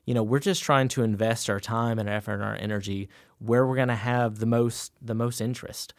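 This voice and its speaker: A man, a youth pastor, explaining his thoughts calmly in a podcast discussion. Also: medium pitch, fairly quick, dry recording, clean studio sound.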